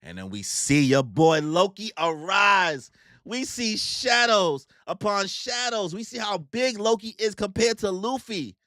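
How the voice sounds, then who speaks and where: A man's voice: sits high, expressive, measured pace, pushed and bright, dry recording, clean studio sound. A man giving live manga reaction commentary in a casual, slangy way with swearing.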